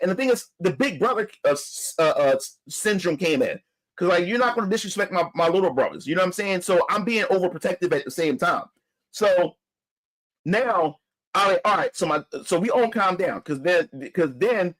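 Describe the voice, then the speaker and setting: A young man with a high voice tells a story in casual talk, heated and profane. His pitch swings widely as he stumbles through restarts and acts out both sides of an argument. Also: low-quality recording. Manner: heated, profane, animated retelling with many restarts. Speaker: channel host.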